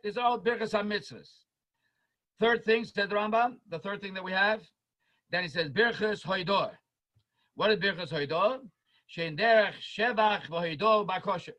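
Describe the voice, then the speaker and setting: A man's voice: sits high, pushed and bright, poor audio. A man teaching a Talmud study class as a rabbi, chanting quoted texts in a sing-song and repeating words for emphasis. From United States.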